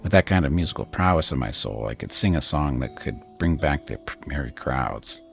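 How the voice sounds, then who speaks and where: Brief: a man reading a quirky, self-assured little Orlan chanter for a fantasy game, very deep and gravelly, swinging up and down. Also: expressive, fairly quick, faint music behind, full character voice. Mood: earnest. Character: small eccentric male Orlan singer, cheerful and self-assured.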